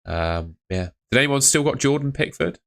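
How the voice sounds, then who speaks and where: A man's voice: medium pitch, expressive, normal speed, gravelly, fairly bright tone. A young man casually chatting on a live stream, reading out viewer messages in a laid-back way. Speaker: fantasy football streamer.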